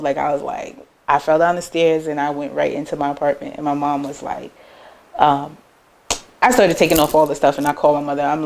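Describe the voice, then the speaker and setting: A woman business owner telling personal stories in an interview, loose and chatty, acting out her family's words as she goes. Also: low-pitched. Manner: animated, acts out family members' words in quoted voices; loose conversational phrasing with frequent "like" and "um".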